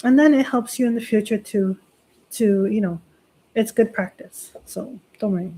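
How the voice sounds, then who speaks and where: A woman's voice: mid-range voice, moderate pace, mellow, breathy edge, rough recording. A woman who is a Shinto priestess, hosting a casual livestream chat and explaining chanting to her viewers in a chatty, reassuring way, full of "like" fillers and light laughs. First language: not Japanese. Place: lives in Japan.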